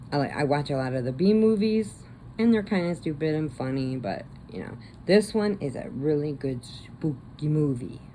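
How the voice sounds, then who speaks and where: A woman's voice: rumbling low, dark tone, slight background noise, low-quality recording. A woman crochet vlogger chatting casually and rambling as she retells a movie plot. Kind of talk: casual chat.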